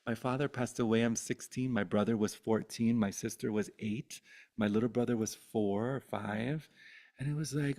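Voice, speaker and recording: A man in his thirties telling his life story with candid, animated feeling, swearing freely and often restarting his sentences. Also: medium pitch, normal speed.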